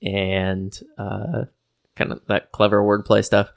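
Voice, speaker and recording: A man with a gravelly, fry-heavy voice, co-hosting a podcast in casual chat. He teases dryly and gropes for words with plenty of fillers. The sound is dry and close, with no room around it. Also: fairly low pitch, monotone, dry recording. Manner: dry, teasing, halting with many fillers. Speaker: podcast co-host.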